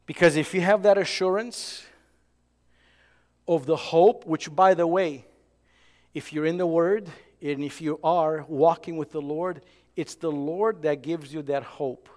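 High-pitched man preaching slow, acts out the scripture dialogue, long church hall echo. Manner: animated, acts out dialogue, swings from loud to hushed. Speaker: pastor. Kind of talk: sermon.

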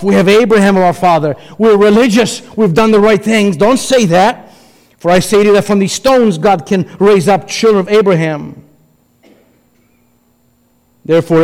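High-voiced man preaching in a hall. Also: darkish tone. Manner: emphatic preaching with dramatic pauses and quoted voices. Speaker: pastor. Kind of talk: sermon. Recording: long hall reverb.

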